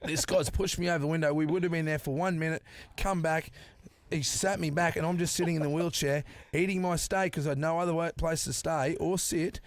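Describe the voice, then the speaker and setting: A man's voice: fairly high pitch, fairly even intonation, a little fast, dry recording. A man with an Australian accent telling a story on a podcast, brash and sweary, laughing through it. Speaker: podcast guest. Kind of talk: casual storytelling.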